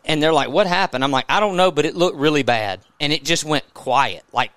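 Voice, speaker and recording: A man with a Southern US accent, a podcast host telling a story in a casual, animated way, often restarting his sentences. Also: a little high, fairly quick, no room sound.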